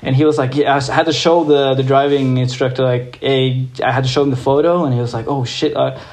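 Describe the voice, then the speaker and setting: A young man from Norway, a guest skateboarder, telling a story in a casual, excited way, swearing freely and using lots of fillers. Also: mid-range voice, fast talker.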